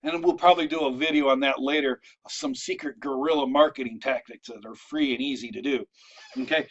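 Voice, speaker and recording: A man's voice: mid-range voice, fairly even intonation, fairly quick, highs cut off. A man giving casual, rambling advice to camera. He keeps checking in with "all right?" and drifts into asides and restarts. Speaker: vlogger giving networking tips.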